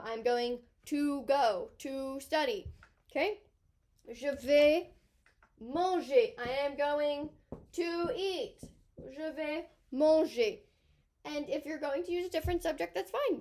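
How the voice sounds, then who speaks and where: High voiced teacher lady explaining grammar, keeps hammering the point. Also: unhurried, a little mellow. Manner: emphatic, repeats points for students. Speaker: high school French teacher. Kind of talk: grammar lesson.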